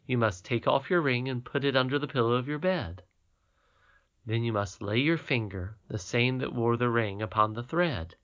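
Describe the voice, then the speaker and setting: A man voicing a wise, gentle, mysterious old grandmother queen in an audiobook, calm, measured and tender. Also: medium pitch, lo-fi sound, lightly acted. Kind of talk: audiobook character reading.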